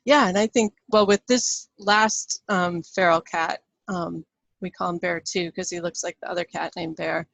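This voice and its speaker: A woman's voice: on the low side, fairly even intonation, moderate pace, vocal fry, fairly bright tone, dry recording. A woman hosting a radio interview, chatty and friendly, who laughs often. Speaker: radio show host.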